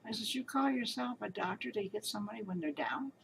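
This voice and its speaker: A woman's voice: medium pitch, expressive, fast, gravelly, slight background noise, rough recording. A woman giving casual spoken commentary, telling her story in an indignant, emphatic and rambling way. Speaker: commentator recounting a hospital experience.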